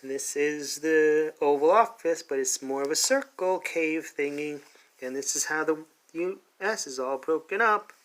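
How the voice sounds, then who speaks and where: Man, comic reviewer, sarcastic, exasperated, bright voice, casual. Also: fairly high pitch, measured pace. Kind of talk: casual review, reading aloud.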